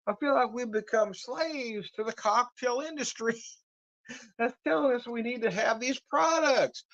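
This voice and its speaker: A man's voice: very high voice, measured pace, a bit bright, highs cut off. A man ranting casually to camera as a whiskey vlogger, swearing freely and breaking into laughs. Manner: profane, laughing ranter.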